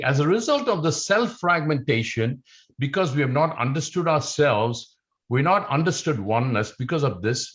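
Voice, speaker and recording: A man giving a measured, reflective spiritual lecture with slides. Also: mid-range voice. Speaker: spiritual teacher. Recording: dull lo-fi sound.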